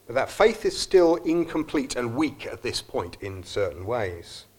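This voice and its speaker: A man's voice: mid-range voice, very animated, unhurried, slightly rough. A man preaching a sermon at a church service, earnest and reflective, sometimes restarting his phrases.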